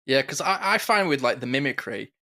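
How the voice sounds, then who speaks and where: Animated bright-voiced man. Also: medium pitch. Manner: animated, quick storytelling with impressions. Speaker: podcast co-host. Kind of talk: casual chat.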